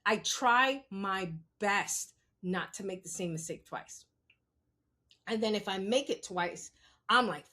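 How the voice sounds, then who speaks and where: She hosts a podcast and riffs without a script, her medium-pitched voice bright, pushed and full of lively intonation at normal speed. Profane and blunt, she hammers her points home straight to the listener, frequently asking "You understand?"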